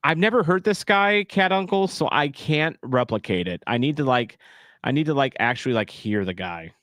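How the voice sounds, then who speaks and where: A man's voice: mid-range voice, lively intonation, moderate pace, fairly bright tone, dry recording, studio quality. A man in his thirties hosting a casual live watch-along stream, chatty and self-deprecating, rambling between topics.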